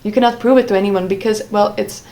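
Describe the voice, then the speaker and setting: A woman's voice: medium pitch, fairly even intonation, fast talker, dark tone, low-quality recording. A woman telling a personal story in a vlog, talking hesitantly with many fillers and restarts. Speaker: vlogger.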